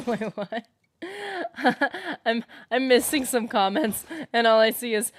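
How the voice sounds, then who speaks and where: A woman's voice: fairly high pitch, lively intonation, slow, no room sound. Chatty rambling woman streamer. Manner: rambling, chatty, many fillers, reads out chat comments. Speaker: streamer playing a game. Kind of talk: casual livestream chat.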